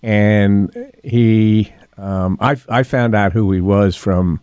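Low, mellow-voiced older man hosting talk radio. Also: fairly even intonation, slow, no echo, clean studio sound. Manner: folksy, rambling, with frequent ums and throat clearing. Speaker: radio talk show host. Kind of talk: casual talk radio monologue. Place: radio studio.

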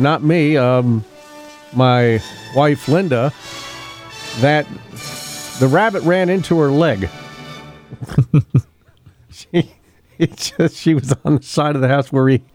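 A man's voice: on the high side, a little mellow. A middle-aged man hosting a local radio show, chatting casually, often chuckling and losing his place in his notes. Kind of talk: casual morning radio talk. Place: radio studio.

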